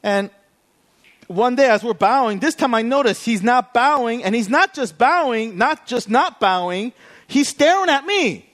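A male pastor preaching in a lively storytelling sermon. His voice sits high and swings widely in pitch as he acts out each side of the story, often breaking into laughter. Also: measured pace. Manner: animated, acts out both sides of a story with laughs.

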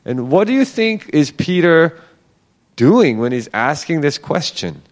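A man's voice: fairly high pitch, very animated, unhurried. A man giving a casual Bible teaching, talking conversationally and acting out the quoted lines.

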